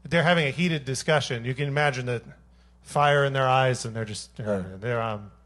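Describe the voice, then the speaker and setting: At a live music venue, a singer-songwriter with a mid-range, fairly bright voice talks at normal speed into a stage microphone. His between-song banter is rambling and full of self-deprecating jokes.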